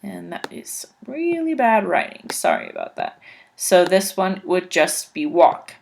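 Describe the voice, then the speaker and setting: A woman's voice: on the low side, sing-song, unhurried, creaky, a little hiss or hum. A woman teaching an English grammar lesson, carefully sounding out words letter by letter and repeating examples.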